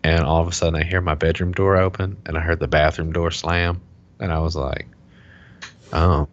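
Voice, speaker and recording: Brief: very deep male podcast co-host, casual and profane, dull lo-fi sound. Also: flat delivery, fairly quick. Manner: profane storyteller, acts out heated quotes loudly.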